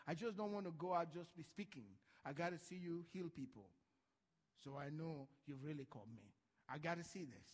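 A male pastor preaching a sermon, swinging from hushed lines to loud ones and acting out voices from Bible stories. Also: high voice, long reverb tail.

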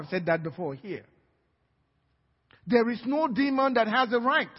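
Pastor, male, high husky voice, story-driven preaching, lo-fi recording with long hall reverb. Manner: storytelling with laughs, building to shouts. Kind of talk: sermon. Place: church hall.

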